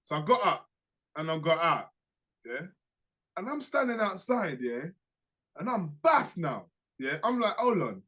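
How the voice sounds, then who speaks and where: A young man, co-hosting a podcast and telling a school story in a casual, slangy, animated way. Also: on the high side, measured pace, long pauses, breathy edge. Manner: animated, acts out quoted voices, slangy. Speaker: podcast co-host.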